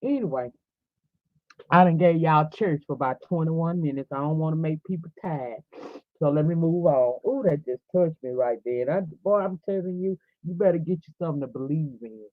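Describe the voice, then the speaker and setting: A woman in her forties hosts a livestream, preaching fervently straight to her viewers in a low voice at a moderate pace. The audio sounds tinny and phone-like, dry with no echo.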